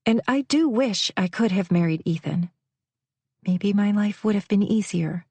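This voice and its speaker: A woman's voice: medium pitch, expressive, unhurried, mellow, husky, no echo, voice pushed up. Woman voicing a polite, shy young woman. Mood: earnest. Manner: earnest, polite.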